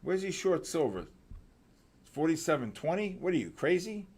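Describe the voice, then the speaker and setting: A man hosting a live trading session, talking fast and excitedly with sudden loud exclamations. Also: a little high, husky. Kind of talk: live trading room commentary.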